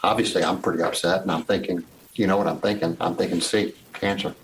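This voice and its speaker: Lively storytelling man in his sixties. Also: low voice, quick pace, creaky, a little hiss or hum, poor audio. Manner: animated storyteller who acts out past conversations. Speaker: guest. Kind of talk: casual storytelling interview.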